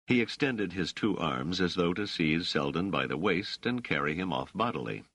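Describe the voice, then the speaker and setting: A man reading a novel aloud as scripted narration, in a measured storytelling manner. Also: low-pitched, lively intonation, fairly bright tone, slightly rough, no echo. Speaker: audiobook narrator.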